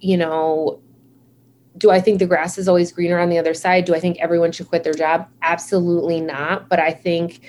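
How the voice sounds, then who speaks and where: A chatty woman speaks in a slightly low voice, filling her stories with "like" and playing out how she reacted at the time. Faint room noise sits under her voice on a video call. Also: darkish tone. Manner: chatty storyteller, many "like"s, acts out her own past reactions. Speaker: nurse and founder of a nurse community, guest. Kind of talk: casual interview conversation.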